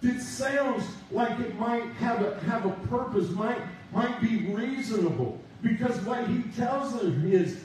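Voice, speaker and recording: A man preaching a sermon, drawing out his emphasis and pausing for responses from the congregation. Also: very high-pitched, lively intonation, darkish tone, a little hiss or hum. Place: church sanctuary. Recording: echoey church from a distance.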